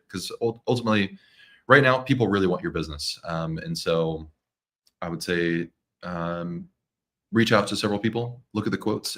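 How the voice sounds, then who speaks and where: A man giving mortgage advice as a guest in a livestream, relaxed and full of fillers. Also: deep voice. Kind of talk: casual livestream chat.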